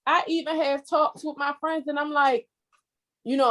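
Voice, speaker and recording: A woman in her thirties talks as a guest in a relaxed interview, her voice sitting high. She tells her story with feeling and acts out what others said to her. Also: normal speed, rough recording. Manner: emotional, expressive storytelling with quoted asides. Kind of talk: casual conversational interview.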